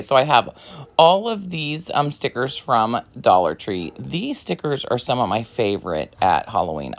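A woman crafting vlogger talking casually through her project, slightly out of breath, rambling with many ums and you-knows. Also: very deep voice. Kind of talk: casual crafting tutorial talk.

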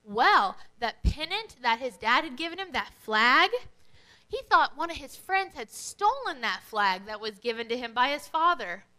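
Woman, children's worship leader, high voice, very animated, sing-song teacher tone. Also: unhurried, rough recording. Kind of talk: children's lesson to camera.

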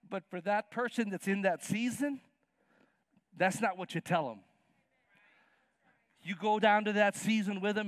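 A man in his fifties delivers a sermon from a church stage, his voice sitting high. He acts out Bible scenes in casual, slangy voices with plenty of energy. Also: a little slow, fairly bright tone, dry recording, studio quality. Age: 50s. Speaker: pastor. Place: church sanctuary.

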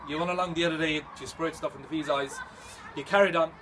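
A nineteen-year-old man making a plain, halting fight challenge, outdoors. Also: a little high, steady tone, noisy background. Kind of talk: spoken challenge.

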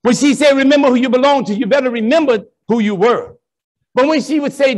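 High-voiced animated priest preaching. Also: male voice, fast talker. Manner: animated, preacherly storytelling with acted-out quotes. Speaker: priest and keynote speaker. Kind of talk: storytelling conference keynote. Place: large conference ballroom.

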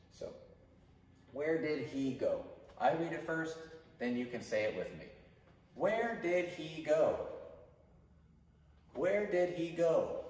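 A male English teacher giving a grammar lesson to a class, speaking slowly and repeating phrases for students to say after him. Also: medium pitch, darkish tone. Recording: echoey hall, mic far off.

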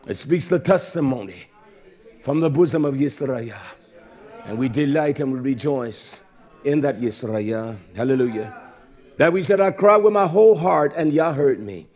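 A man preaching a sermon, quoting and expounding scripture, swinging from shouted high exclamations to low murmurs. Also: expressive. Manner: quotes and expounds scripture, drawn-out emphatic words.

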